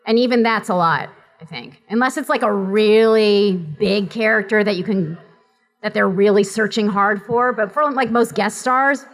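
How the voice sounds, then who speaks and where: A woman's voice: mid-range voice, normal speed, low-quality recording. A woman voice actor speaking on a convention panel, chatty and prone to tangents. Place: convention hall.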